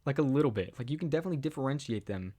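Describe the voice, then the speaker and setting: A young man talking casually to camera about voice impressions, rambling with many fillers and jumping into squeaky character voices. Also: animated, racing, dark tone. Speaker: voice impressionist, video host.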